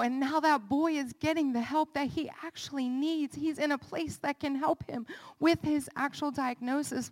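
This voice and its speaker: A woman's voice: sits high, long reverb tail. A woman in her thirties preaching an earnest, emotional testimony and leading a prayer. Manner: earnest, emotional, builds to fervent peaks.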